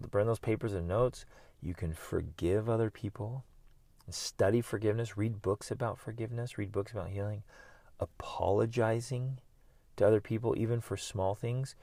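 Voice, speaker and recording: Gravelly, low-voiced man giving earnest advice. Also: fairly even intonation, moderate pace, no echo. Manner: earnest and encouraging, with bursts of loud yelling. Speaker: podcast host and life coach. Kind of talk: motivational solo talk.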